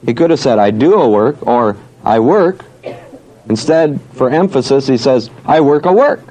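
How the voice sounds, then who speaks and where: A man teaching a Bible study, reasoning aloud, asking himself questions and answering them, and reading verses in a drawn-out cadence. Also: mid-range voice, animated, dark tone, poor audio.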